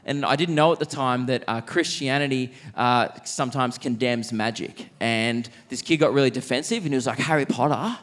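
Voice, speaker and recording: A young man from Australia doing stand-up comedy, telling stories in a lively way and acting out the people in them. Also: mid-range voice. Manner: animated, acts out characters with quick voice shifts. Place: large theatre stage.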